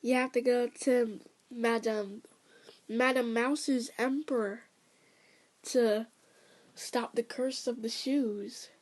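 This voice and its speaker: A woman's voice: on the high side, fairly even intonation, slow, a little mellow. A woman voicing a graceful grown-up ballerina with a put-on French accent, speaking in an airy, welcoming, slightly theatrical way. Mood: instructing.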